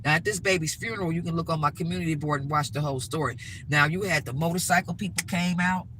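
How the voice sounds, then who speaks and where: A woman's voice: low voice, quick pace, background noise. A middle-aged woman vlogging, ranting bluntly and emphatically with lots of repetition, from inside a vehicle. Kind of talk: ranting to-camera vlog.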